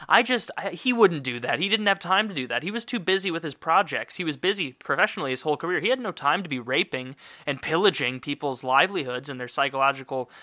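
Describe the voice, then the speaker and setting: A man putting on a higher, falsely earnest voice to mock a naive defender in a podcast rant. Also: expressive, fast talker, few pauses, sharp tone, no room sound.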